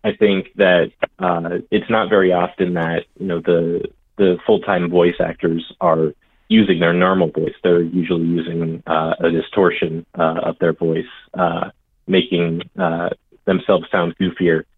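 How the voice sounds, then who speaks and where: A young male voice actor chats casually as an interview guest over a tinny, phone-like call line, with no room sound. His voice is deep, level, and a little slow with a breathy edge, and he chuckles and hesitates, using many fillers.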